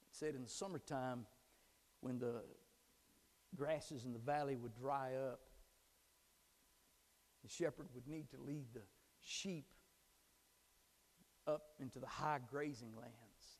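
A man preaching a sermon, moving from calm storytelling to fervent, shouted proclamation. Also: mid-range voice, slow pace, pauses often, long reverb tail. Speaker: pastor.

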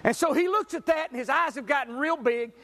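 Man, pastor preaching, folksy storytelling, high voice, long hall echo. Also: fairly quick, slight background noise. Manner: folksy, animated storyteller who swings from loud to quiet. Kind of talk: sermon with storytelling.

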